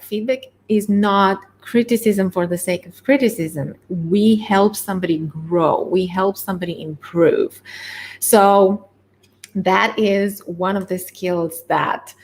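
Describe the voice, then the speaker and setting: A woman coach talks through workplace leadership skills in an earnest, conversational tone. Her mid-pitched voice has a gravelly edge and a slight hoarseness. She often pauses on small fillers as she goes. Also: steady tone. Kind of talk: webinar-style coaching talk.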